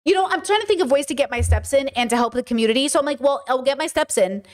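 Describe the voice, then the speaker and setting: Woman, high-pitched, expressive, rambling, from the US, casual chat. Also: fast. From United States. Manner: animated, rambling, expressive, swearing. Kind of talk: casual discussion.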